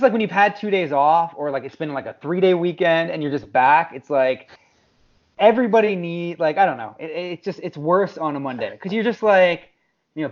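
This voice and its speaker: A man co-hosting a podcast, ranting in casual chat and mimicking people in exaggerated voices. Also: a little high. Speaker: podcast co-host. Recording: dull lo-fi sound.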